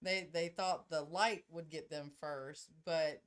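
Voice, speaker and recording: Woman, middle-aged, co-host, brash loud storytelling, laughing, casual chat. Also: sits low, steady tone, takes it slowly, background noise. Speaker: podcast co-host.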